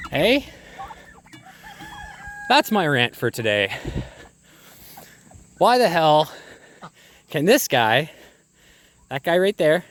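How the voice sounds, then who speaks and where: A man's voice: fairly high pitch, very animated, drawn-out words, pauses often, fairly bright tone. A small-scale poultry farmer from Ontario ranting angrily and profanely into a phone while walking his farm, out of breath. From Ontario, Canada. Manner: heated, profane, rhetorical questions. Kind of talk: angry outdoor vlog rant. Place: outdoors on a farm among birds. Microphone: phone held one-handed. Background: faint farm ambience with ducks and fowl.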